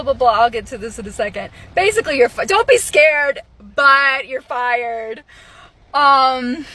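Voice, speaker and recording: A woman's voice: high-pitched, a bit bright. A young woman in a casual vlog, sarcastically telling how she was fired from her retail job. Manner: sarcastic, laughing, quick asides.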